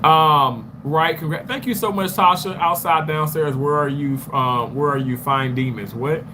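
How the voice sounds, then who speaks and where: A man's voice: on the high side, normal speed. A man live-streaming while he walks, out of breath and rambling as he answers viewer comments one by one. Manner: rambling, talks back to commenters. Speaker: livestreamer. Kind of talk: casual live chat reading viewer comments. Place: walking outdoors near a road. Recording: street noise with passing traffic.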